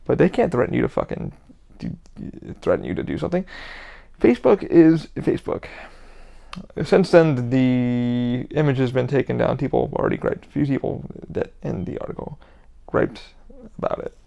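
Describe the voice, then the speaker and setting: A man's voice: medium pitch, animated, gravelly, warm tone. A man hosting his own podcast, talking alone in a rambling, profane way and acting out what his friends said. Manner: rambling, profane, quick to act out quoted friends. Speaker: podcast host. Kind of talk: casual solo podcast monologue.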